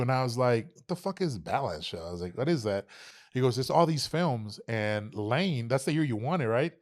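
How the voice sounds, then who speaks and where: A man's voice: mid-range voice, normal speed. A young man from Texas, a podcast guest telling stories casually, swearing often and acting out quoted dialogue. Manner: animated, profane storytelling, acts out quoted dialogue. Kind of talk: casual storytelling interview.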